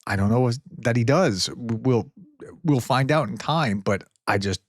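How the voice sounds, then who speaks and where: A man's voice: medium pitch, moderate pace, no echo. Man, middle voice, earnest commentator, dead-dry room sound. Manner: earnest, paraphrases quotes in a flat reading voice. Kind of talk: casual commentary on translated clips.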